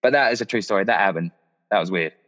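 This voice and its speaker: A man's voice: deep voice, fast talker, fairly bright tone. A man in his thirties, a guest musician telling a story in casual chat with a lot of laughing. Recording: muffled, echoey room.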